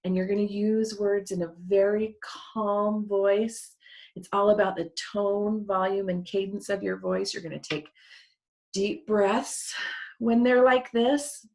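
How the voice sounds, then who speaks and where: Gravelly-voiced woman teaching parents. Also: mid-range voice, flat delivery, a little slow, darkish tone. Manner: earnest, conversational, gestures with a hand model. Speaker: parent educator. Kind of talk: webinar teaching.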